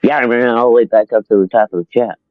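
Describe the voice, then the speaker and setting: A man's voice: medium pitch, steady tone, quick pace, no room sound. A man co-hosting a casual livestream chat over a remote call, talking in a laid-back, hesitant way. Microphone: remote call audio. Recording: dull lo-fi remote call audio.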